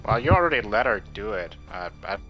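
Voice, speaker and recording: A man's voice: lowish voice, very animated, fast, music in the background, low-quality recording. A man chatting as a tabletop game player, skeptical and questioning. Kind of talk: casual game chat.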